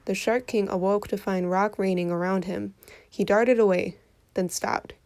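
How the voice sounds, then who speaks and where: Reading a folktale to children, a woman uses an expressive storyteller's delivery. Her voice is mid-range and her pace normal.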